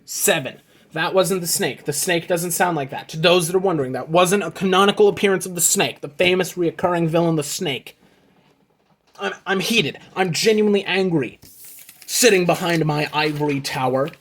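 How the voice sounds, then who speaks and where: A man's voice: on the high side, fairly quick, a bit bright. A young man giving a sarcastic, casual comic review, reading strips aloud and muttering to himself. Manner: sarcastic, reads comics aloud in silly voices, mumbles to himself.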